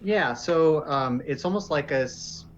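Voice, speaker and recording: A man's voice: a little high, unhurried, slight background noise. Hesitant man, slightly dull recording. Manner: hesitant, stumbling. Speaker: player. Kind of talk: playing a tabletop game.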